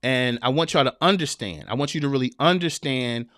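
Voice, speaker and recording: A man's voice: medium pitch, a little fast, fairly bright tone, no room sound, clean studio sound. A man hosting a live advice podcast in a direct, preachy way, repeating phrases for emphasis. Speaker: podcast host. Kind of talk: live-streamed advice talk.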